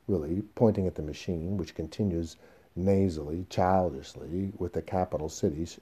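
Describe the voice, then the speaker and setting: A man quietly reading a play's stage directions in a husky, measured voice. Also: very deep voice, fairly even intonation. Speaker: reader of a play.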